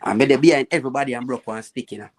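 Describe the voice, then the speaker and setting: A man with a Jamaican accent spins a long, lively story in patois during a casual live chat. His voice sits at an ordinary middle pitch, and he often lifts it when quoting others. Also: racing. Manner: lively patois storytelling, quotes people in raised voice.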